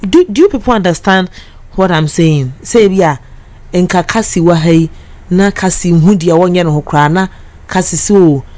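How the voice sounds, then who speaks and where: A Ghanaian woman crying as she speaks on the radio, halting and repeating herself as she slips between English and Twi. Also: lowish voice, a little mellow. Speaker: radio guest. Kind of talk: emotional on-air confession.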